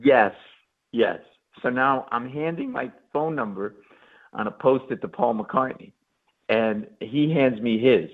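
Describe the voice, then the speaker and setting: A man's voice: medium pitch, measured pace. A male comedian telling a story animatedly in a radio interview, acting out quotes and stammers. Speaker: guest comedian. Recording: tinny phone-line audio.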